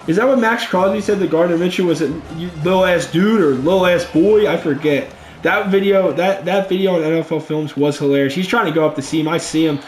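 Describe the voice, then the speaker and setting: A young man giving let's play commentary over a football video game, muttering low between plays and yelling when big plays happen. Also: fairly quick, roomy sound, background noise. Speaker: gaming YouTuber.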